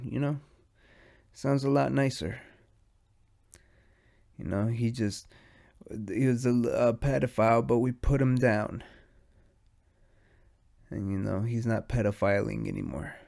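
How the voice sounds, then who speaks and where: A young man hosting a podcast alone, high and sleepy, rambling in casual, profane slang. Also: gravelly, darkish tone. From United States. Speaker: podcast host. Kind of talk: casual stoned monologue.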